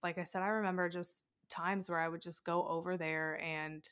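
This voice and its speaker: Casual chat guest: woman, 30s, lower pitch, bright forward tone, candid storyteller. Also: normal speed, clear, resonant tone. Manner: candid, animated storytelling with laughs. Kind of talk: casual conversation.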